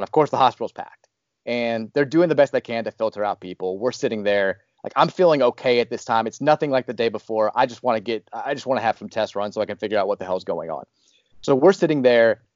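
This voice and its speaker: A man in his thirties telling a story in a casual, animated way, with many restarts and fillers. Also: mid-range voice, no echo, lo-fi sound.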